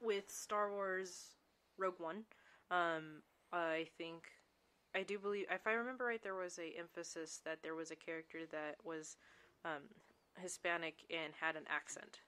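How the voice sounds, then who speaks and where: A woman's voice: fairly low pitch, steady tone, moderate pace, pushed and bright, clear, resonant tone. A woman co-hosting a podcast, chatting casually in a blunt way. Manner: blunt, swears freely when annoyed. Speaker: podcast co-host. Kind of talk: casual chat.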